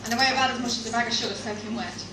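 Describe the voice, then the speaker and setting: A woman with a high voice tells a funny, self-mocking live stand-up testimony. She sounds some way from the mic in an echoey coffee shop, with loud background noise all around her. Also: steady tone, rapid-fire, recorded from a distance. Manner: humorous, self-mocking storytelling. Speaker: stand-up performer. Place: coffee shop performance space.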